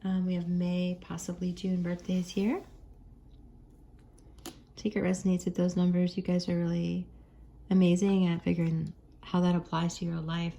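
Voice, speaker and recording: An American woman talks viewers through a tarot reading in a gentle, chatty way, laughing easily as she goes. Her voice sits a little low and sounds mellow and warm. The mood is casual and friendly. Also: completely flat delivery, moderate pace, vocal fry, a little hiss or hum. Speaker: tarot card reader.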